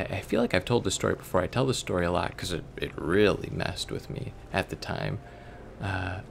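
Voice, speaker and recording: A man's voice: sits low, creaky, slight background noise. A man from Florida giving casual, sarcastic let's play commentary, wandering off into digressions. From Florida, USA. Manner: rambling, sarcastic, digressive storytelling.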